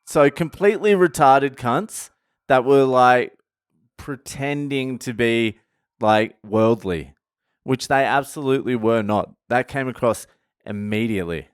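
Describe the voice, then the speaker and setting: A young Australian vlogger tells a crude, mocking story straight to camera, swearing heavily and laughing at his own jokes in a profane rant. His mid-range voice keeps a measured pace, and the recording is clean, echo-free, studio quality.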